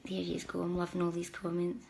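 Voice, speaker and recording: A woman's voice: lowish voice, completely flat delivery, brisk, gravelly, background noise. A woman hosting a live-stream psychic reading, talking chattily and apologetically straight to her viewers. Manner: chatty, warm-hearted, apologetic, speaks directly to viewers. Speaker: psychic reader.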